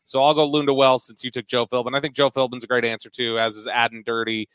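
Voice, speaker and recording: A man's voice: medium pitch, little pitch movement, quick pace, fairly bright tone, clear, resonant tone, no echo. A man co-hosting a casual sports podcast, running through segment picks with frequent restarts. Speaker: podcast co-host.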